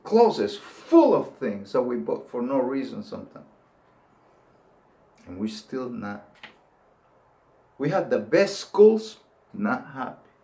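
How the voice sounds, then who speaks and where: A man's voice: mid-range voice, big pitch swings, slow, vocal fry, pauses often, dark tone. An older man giving an earnest, pleading monologue that rises into emphatic outbursts. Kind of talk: impassioned monologue to camera.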